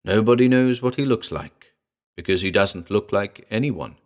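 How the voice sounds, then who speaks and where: A man's voice: fairly low pitch, lively intonation, moderate pace, natural voice. A man doing a giggly eccentric mad doctor. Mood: confiding.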